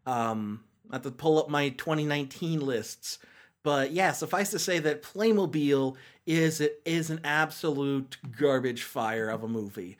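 A man's voice: fairly high pitch, unhurried. A man hosting a casual comedic movie-review monologue, sarcastic and rambling with lots of fillers and restarts. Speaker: podcast host.

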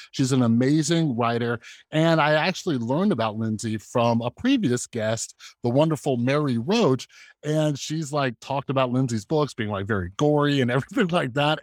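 A man's voice: medium pitch, dry recording. A man hosting a podcast, talking casually and rambling with lots of fillers. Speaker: podcast host. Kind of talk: podcast interview.

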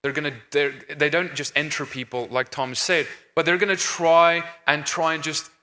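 A man talks on a conference stage in an earnest, emphatic preaching tone, restarting his phrases as he goes. His voice is bright and set a little high. It rings out with a long reverb from a large hall. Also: steady tone, normal speed, a little hiss or hum. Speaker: conference speaker on deliverance ministry. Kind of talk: stage discussion.

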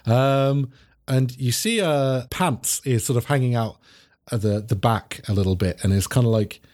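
A man's voice: mid-range voice, moderate pace, a little mellow. A man narrating as game master with many fillers and restarts, often laughing.

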